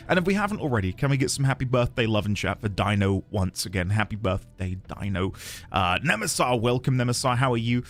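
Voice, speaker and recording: Male streamer, animated mid-pitch voice, rambling friendly chat, faint music underneath. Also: fairly quick. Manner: chatty, rambling, greets viewers by name. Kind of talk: casual chat with viewers.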